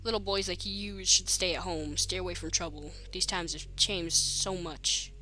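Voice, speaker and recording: A woman's voice: on the low side, fairly even intonation, moderate pace, bright, forceful tone, a little hiss or hum. A woman voicing a guarded mother who speaks in a cold, curt voice.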